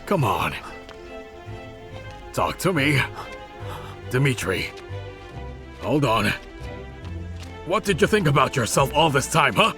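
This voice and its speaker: A man's voice: mid-range voice, big pitch swings, slow pace, long pauses, music in the background. An actor dubbing a ruthless rich businessman father who gives curt, commanding orders. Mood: probing. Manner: curt, commanding, then shouting.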